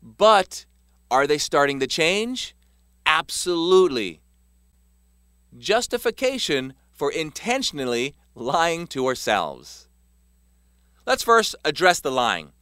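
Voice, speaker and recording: Bright, crisp male narrator. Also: on the high side, very animated, takes it slowly, long pauses, no echo, studio quality. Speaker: author narrating his self-help book. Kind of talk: scripted narration.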